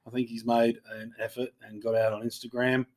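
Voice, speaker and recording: A man's voice: medium pitch, level tone, fairly quick, crowd noise. A young Australian man co-hosting a casual podcast, trading laid-back jokes and banter. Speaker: podcast co-host.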